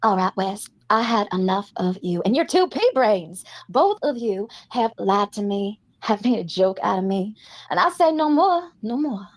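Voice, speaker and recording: A woman's voice: lowish voice, steady tone, a little fast, a little mellow, no echo. A woman voicing a brash, tough-talking woman who confronts a rival and swears heavily in an amateur voice-acting skit. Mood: confrontational.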